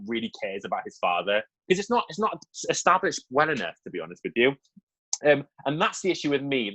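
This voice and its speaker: A man's voice: fairly high pitch, fairly bright tone, low-quality recording. A young man co-hosting a film review show, talking casually and candidly with lots of asides and fillers.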